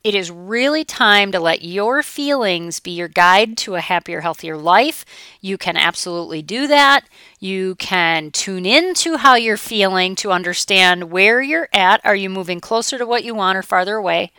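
A middle-aged woman coach giving a chatty, animated motivational talk, now and then acting out her clients' voices. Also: medium pitch, normal speed, clear, resonant tone, dry recording, clean studio sound.

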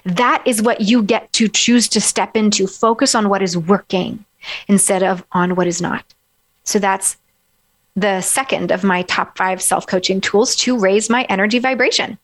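Speaking with a steady tone at medium pitch, a woman life coach encourages the listener gently and leads them through slow breathing in a self-help talk.

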